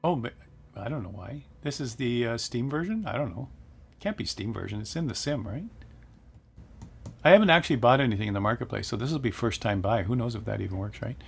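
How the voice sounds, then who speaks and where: Chatty gravelly-voiced male stream host. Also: mid-range voice, animated, brisk. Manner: chatty, reads viewer comments aloud, laughs often. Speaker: livestream host. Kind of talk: casual livestream chat.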